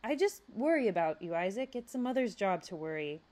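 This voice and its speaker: A woman voicing a caring, worried mother red fox who scolds loudly but stays kind. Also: mid-range voice, big pitch swings, a little fast, natural voice. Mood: kindly. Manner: loud, scolding yet kindly.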